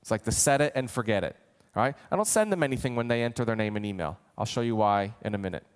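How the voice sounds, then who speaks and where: A man giving an energetic marketing training talk, animated and acting out imagined customers. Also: on the low side, fast talker, clean tone, in a large hall. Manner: animated, voices imagined customers, gets worked up. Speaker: marketing coach.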